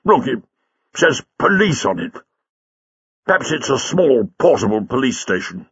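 A man voicing a bluff, blustering male gentleman who speaks vaguely, on a dull lo-fi recording. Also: mid-range voice, big pitch swings, a little slow, husky, voice pushed up, heavily acted.

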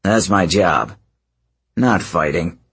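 A man putting on a gruff, stubborn satyr coach in an audiobook, pushing his voice up high and loud. The tone stays husky and defiant. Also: big pitch swings, normal speed.

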